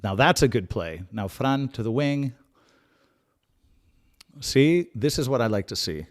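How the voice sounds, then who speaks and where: A chatty man hosts a live match watch-along, offering fan commentary that mixes calm tactical analysis with sudden excited outbursts. He repeats himself and restarts phrases. His voice is mid-range and his pace measured.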